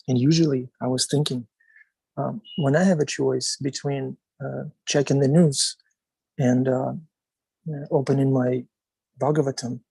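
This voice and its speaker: A man's voice: mid-range voice, vocal fry, warm tone, husky, no echo, rough recording. A man offering closing remarks to a temple class in a conversational, exhorting way.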